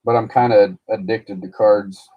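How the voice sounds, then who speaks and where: A man's voice: fairly low pitch, fairly even intonation, unhurried, husky, muffled recording. A man chatting casually on a live stream about his baseball card collection, answering viewers' comments as he goes. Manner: rambling, chatty, reads viewer comments aloud.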